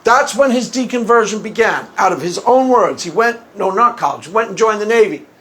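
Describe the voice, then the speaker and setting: A man's voice: high voice, expressive, brisk, sharp tone, husky. A man hosting his own commentary video, talking in a loose, rambling monologue that repeats itself and laughs at his own jokes.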